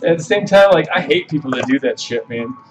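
A man hosting a card break stream, telling a story in a casual, animated way, swearing freely. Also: fairly high pitch, fairly quick, far from the mic, poor audio. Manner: animated, swearing, retells quotes in voices. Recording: off-mic voice with loud music. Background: music playing.

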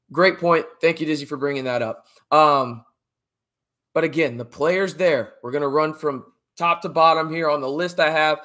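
A man's voice: a little high, a bit bright. A man hosting a sports podcast, talking casually to a live chat and often tagging his points with "right?". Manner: emphatic, often adds "right?". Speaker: podcast host. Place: home studio with a dog in the background.

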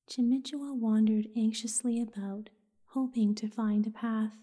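A woman with a breathy, half-whispered voice, softly narrating a soothing bedtime story. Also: fairly high pitch, fairly even intonation, a little slow. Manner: soft, half-whispered delivery.

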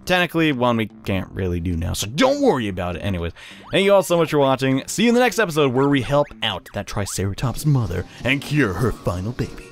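A man's voice: mid-range voice, very animated, fast talker, faint music behind. A man giving casual gameplay commentary, chatty and self-deprecating, laughing often at his own mistakes. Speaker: let's play commentator.

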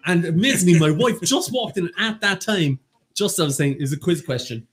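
An Irish man hosting a casual online quiz, bantering and reading questions out slowly. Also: sits high, lively intonation, a little hiss or hum. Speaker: quiz host.

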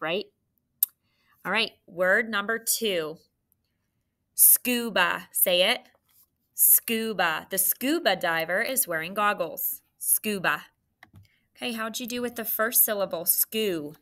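In a phonics class, a woman spells words letter by letter at a slow, patient pace, then checks the class's answers. She sounds sharp, and her pitch sits on the low side.

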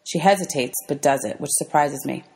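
A woman teacher reading a children's novel aloud to her students in a gentle, clear storybook manner. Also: low-pitched, brisk.

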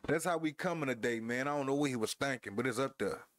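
Quick-paced and mid-range, a gamer's voice comes through a headset with clean, studio-quality sound and no echo. He casually comments on his wrestling game, trash-talks his rival, laughs, and chats with viewers.

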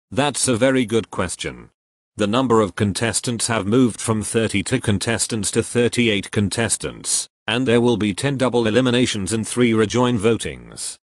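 A synthetic man's voice with a British accent, flatly reading out joke error messages and answering them. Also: on the low side, no room sound. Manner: flat, even synthetic delivery that bursts into loud shouting. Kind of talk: comedic text-to-speech reading.

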